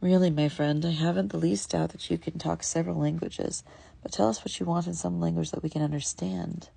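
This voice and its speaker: A woman reading aloud voices a patient, kindly giant prince in a calm, friendly way. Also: fairly low pitch, fairly quick, creaky, husky, exaggerated voice.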